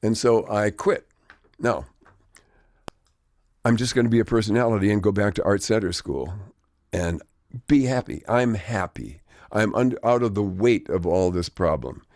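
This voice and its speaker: A man's voice: fairly low pitch, normal speed, long pauses, a little mellow, no room sound, studio quality. An older man, a guest, telling rambling anecdotes in a conversational, wry way. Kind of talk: anecdotal storytelling.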